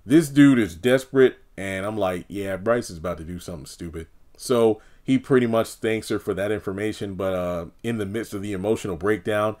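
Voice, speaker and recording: A man's voice: fairly low pitch, fairly quick, darkish tone. A man giving a casual, opinionated recap of a TV episode, talking loosely with lots of fillers and acting out the characters' lines. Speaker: TV episode reviewer.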